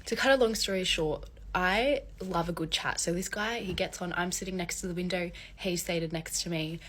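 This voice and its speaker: A woman, from Australia, telling a personal story in a casual storytime vlog in an animated, chatty way. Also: fairly low pitch, moderate pace.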